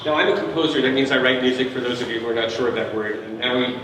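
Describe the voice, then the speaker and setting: On stage at a family concert, a playful New York composer talks the audience through the music, chatty and urging them to join in. He speaks rapid-fire in a level, medium-pitched male voice. The distant, echoey hall recording is noisy, with piano and strings in the background.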